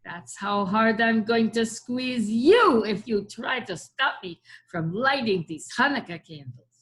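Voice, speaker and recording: A woman reading a storybook aloud, voicing a clever, bold young man who speaks calmly and slyly. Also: on the high side, unhurried. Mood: daring. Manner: calm, sly and confident.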